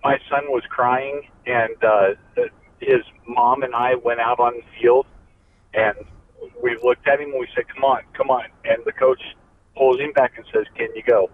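A man's voice: medium pitch, steady tone, unhurried. Caller, male, passionate, heard on a tinny phone line with faint hiss. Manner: passionate, emphatic. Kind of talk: phone call-in.

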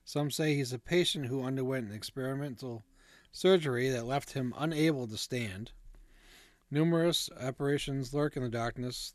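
A man's voice: mid-range voice, no room sound. A man co-hosting a casual chat, reading out ghost stories from notes in a laid-back way, with fillers and asides. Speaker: podcast co-host.

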